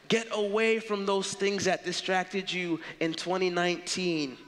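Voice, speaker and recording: A man's voice: sits high, fairly even intonation, measured pace, a bit bright. A man preaching a sermon as pastor, earnest and emphatic in a conversational way. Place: church sanctuary. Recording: reverberant church hall.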